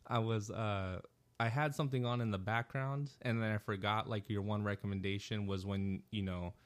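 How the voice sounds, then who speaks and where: A man co-hosting a podcast, telling stories in a casual, animated way and laughing often. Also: lowish voice, moderate pace, clean tone. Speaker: podcast co-host. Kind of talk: casual chat.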